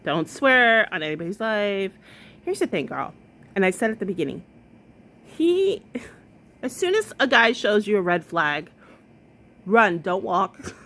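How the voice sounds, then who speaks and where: A sassy woman host talks back at a clip in casual commentary, her voice rising and falling in a lively, animated way. She is blunt, swears freely and laughs often, at a middling pitch. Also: unhurried, pauses often. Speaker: reaction video host.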